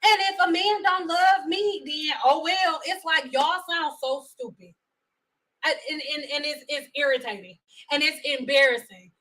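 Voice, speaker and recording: A woman in her thirties rants bluntly and profanely, sounding thoroughly exasperated. Her voice is very high and bright, with a sharp edge. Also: moderate pace, rough recording. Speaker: vlogger. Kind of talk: profane ranting commentary.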